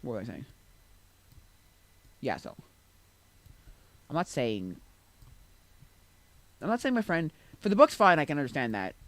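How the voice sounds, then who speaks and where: Male streamer, casual rambling chat, higher voice, very lively pitch. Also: measured pace, pauses often, low-quality recording. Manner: rambling, with many restarts and asides. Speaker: game streamer.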